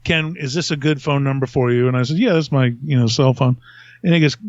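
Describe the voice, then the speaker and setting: A man's voice: mid-range voice, brisk, dry recording, muffled recording. A man telling a long story in casual podcast chat, rambling and self-mocking, laughing often.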